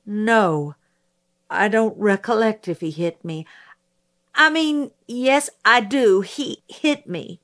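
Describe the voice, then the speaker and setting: A woman voicing a young, poor female witness who is defensive, flustered and quick to anger, stumbling over her answers. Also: mid-range voice, animated, fairly bright tone, pitched above the performer's own voice.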